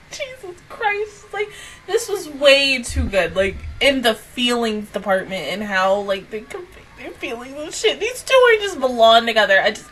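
A crying woman talks through her reaction to an episode in a high, bright voice. She laughs between words and exclaims often. It sounds like a casual solo chat at a desk mic. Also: recorded from a distance, rough recording. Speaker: anime reaction video host.

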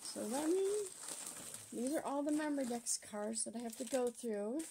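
A woman's voice: on the high side, normal speed, dark tone, slight background noise. A woman hosting a craft channel, chatting casually and gushing as she unboxes craft supplies. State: out of breath. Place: at a table at home.

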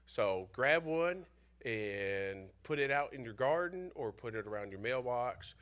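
A man's voice: medium pitch, expressive, unhurried, fairly bright tone, clear, resonant tone. Congested man giving church announcements. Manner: casual, informal. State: congested from pollen. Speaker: pastor. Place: church sanctuary.

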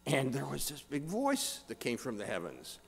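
A man's voice: mid-range voice, wildly swooping pitch, normal speed, gravelly, breathy edge. An older man, a priest, giving a humorous sermon, often repeating words and checking in with "okay?". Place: church. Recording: long church reverb.

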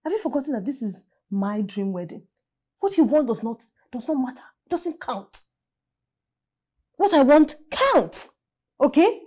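A woman's voice: on the high side, animated, moderate pace, warm tone, husky. An actress playing a demanding bride with a Nigerian accent, fixated on her grand wedding, who nags and stammers when flustered. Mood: frustrated. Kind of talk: film drama acting.

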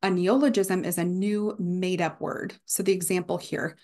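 A woman's voice: medium pitch, moderate pace, few pauses, darkish tone. A young woman giving a casual university guest lecture, with many fillers, now and then acting out examples of speech errors.

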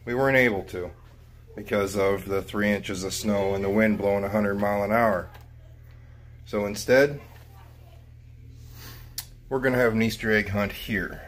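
A man's voice: fairly low pitch, fairly even intonation, normal speed, long pauses. A middle-aged man vlogging casually at home, chatty and wry, cracking jokes as he goes. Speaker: family vlogger. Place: indoors at home.

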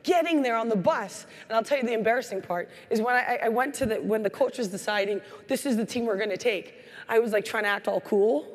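Energetic woman speaking in a reverberant hall. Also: a little high, a little fast. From Canada. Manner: energetic storytelling, acting out quoted voices. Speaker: keynote speaker. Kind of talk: motivational keynote speech. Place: large hall.

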